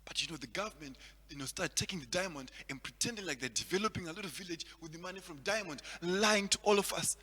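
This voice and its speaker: A man from Zimbabwe doing stand-up comedy, animated, repeating words and laughing at his own jokes. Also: high voice, quick pace, slightly rough, big-room sound.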